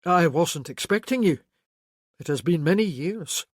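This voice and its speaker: A guilt-ridden older Highland man, as an audiobook narrator puts him on, speaking with earnest, pleading sorrow. The voice sits in a middle register, and the recording is close and completely dry. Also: animated, unhurried, dry recording. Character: remorseful older Highland man, Kerr's uncle. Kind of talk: audiobook character voice.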